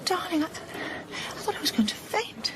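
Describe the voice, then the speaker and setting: An actress in her thirties playing an emotional grieving mother who often speaks in a breathy half-whisper in a radio drama. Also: very high voice, very animated, measured pace, full character voice. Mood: breathless, excited. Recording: radio broadcast with clear hiss.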